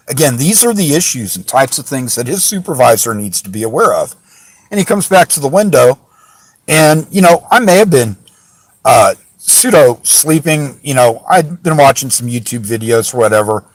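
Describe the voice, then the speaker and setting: A man's voice: medium pitch, animated, moderate pace, dry recording, rough recording. A man ranting casually about a run-in with police, frustrated and indignant, rambling with many restarts and fillers. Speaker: channel host recounting a police encounter. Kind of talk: casual rant to camera. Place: parked car.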